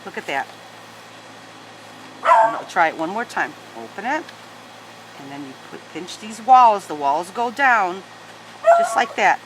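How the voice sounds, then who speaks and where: A woman's voice: medium pitch, expressive, measured pace, long pauses, heavy background noise. Woman teaching origami folds. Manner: patient step-by-step instruction, chats to her dogs. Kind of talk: hands-on craft tutorial.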